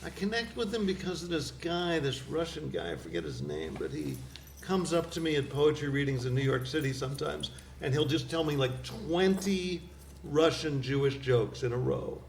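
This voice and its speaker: A middle-aged man, a poet guest, chatting casually in a wry, rambling way with a gravelly voice. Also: a little high, expressive, moderate pace. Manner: wry, rambling storyteller with laughs. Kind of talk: casual chat. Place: community cable studio. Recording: roomy studio with faint hiss.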